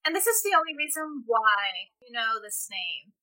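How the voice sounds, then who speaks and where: A woman's voice: fairly high pitch, sing-song, moderate pace, bright, forceful tone, poor audio. A woman narrating a tabletop role-playing game as game master, describing scenes in a descriptive way and often laughing.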